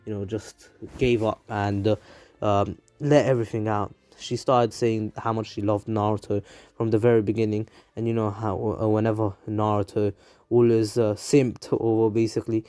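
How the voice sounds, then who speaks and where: A man's voice: lowish voice, little pitch movement, normal speed, dark tone, clear, resonant tone, no echo, soft background music. A man casually narrating a fan story, rambling with many fillers and restarts.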